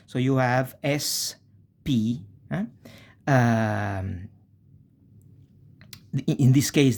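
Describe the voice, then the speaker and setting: A man with an Italian accent teaching a language lesson, slowly spelling out syllables and checking in with "eh?". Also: medium pitch. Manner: slow, spells out syllables, tags with "eh?".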